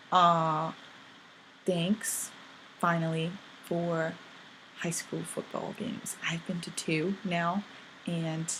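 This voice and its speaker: A young Englishwoman with a British accent delivers a bubbly, casual vlog monologue packed with "likes" and "ums." Her voice is fairly low in pitch, and the poor-quality audio carries a little hiss or hum.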